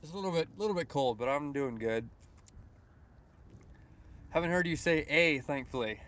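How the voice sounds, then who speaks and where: A man's voice: a little high, normal speed, slight background noise. A young Canadian man with a Canadian accent, live-streaming a fishing trip outdoors, chatting casually and answering viewers' messages with lots of fillers. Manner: reads chat messages aloud and answers them, relaxed and chatty with frequent fillers. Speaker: fishing livestreamer. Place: outdoors by the water at sunrise.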